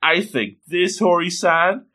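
A man voicing a calm teenage schoolboy who speaks earnestly and bluntly. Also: high voice, takes it slowly, pitched above the performer's own voice, exaggerated voice.

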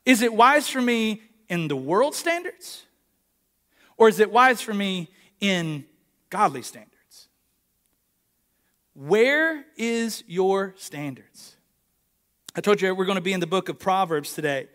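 A man's voice: sits high, slow, pauses often. A man in his late thirties preaching a sermon at a live church service, telling a story with animation, short of breath from injured ribs. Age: late 30s. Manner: storytelling, animated, calls for congregation response. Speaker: pastor.

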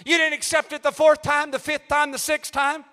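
A man preaching at a youth meeting, swinging from shouted appeals down to hushed, near-whispered lines. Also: very high voice, flat delivery, normal speed. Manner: rises to shouted calls, then drops to near-whispers. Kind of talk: fiery sermon. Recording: reverberant church hall.

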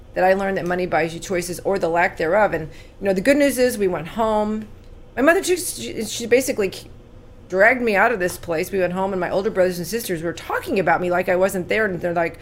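Interviewed about her life, a woman from California in her sixties speaks a little fast in a mid-range voice. She's animated and earnest as she recounts events, hushed at the painful parts, and a faint hiss or hum runs under the recording.

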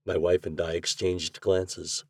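A man narrating a classic short story as podcast host, measured and even in his storytelling. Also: low voice, no echo, studio quality.

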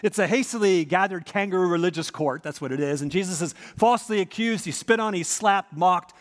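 A man's voice: high-pitched, a little fast, long reverb tail. A man preaching a sermon as pastor, telling the story dramatically and repeating his key points.

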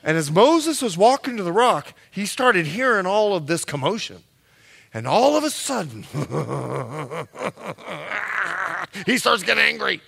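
A male pastor preaching a sermon, telling stories with lively acted-out quotes and emphatic, loud peaks. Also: high-pitched, creaky, breathy edge. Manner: animated storytelling with acted-out quotes.

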